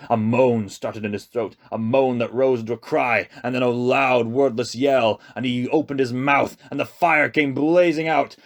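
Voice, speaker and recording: A man narrating a novel aloud with slow, expressive storytelling. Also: mid-range voice. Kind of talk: audiobook reading.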